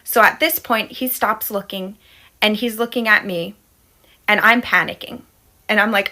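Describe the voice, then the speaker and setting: A woman's voice: fairly high pitch, normal speed, pushed and bright. A woman in her thirties telling a scary personal story in a casual, dramatic way, acting out her own panic. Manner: dramatic, acts out her panic and quotes her toddler.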